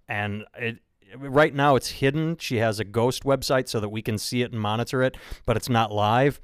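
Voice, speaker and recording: A man hosting a casual podcast, loose and profane as he chats, jokes and signs off. His voice sits at a middle pitch, recorded close in a dry room with no echo. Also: moderate pace, clear, resonant tone. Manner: profane, chatty, plugs websites. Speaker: podcast host.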